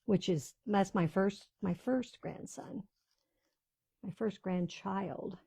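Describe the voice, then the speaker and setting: A grandmotherly woman in her sixties talks to her viewers as she paints, spinning one family story into the next. Her voice has a gravelly fry to it, and it sounds close and dry with no room around it. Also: mid-range voice, slow, mellow, dry recording. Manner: chatty, rambling storyteller talking to viewers. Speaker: craft video host. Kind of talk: casual chat while crafting on camera. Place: small-town home.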